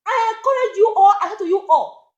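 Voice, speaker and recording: A woman's voice: extremely high pitch, animated, brisk, darkish tone, roomy sound, dull audio. A Nigerian woman, a social media presenter talking to camera, pleading and scolding again and again.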